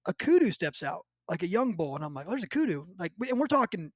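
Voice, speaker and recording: A male podcast host telling a hunting story in casual chat, animated and acting out what people said, often laughing. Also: sits high, fast talker, no room sound.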